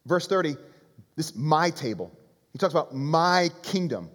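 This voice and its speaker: A male pastor delivers a sermon in a conversational, emphatic way, circling back on key phrases. His voice sits a little higher than most men's. A long reverb from a large hall trails after each line. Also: very animated, a little slow, fairly bright tone.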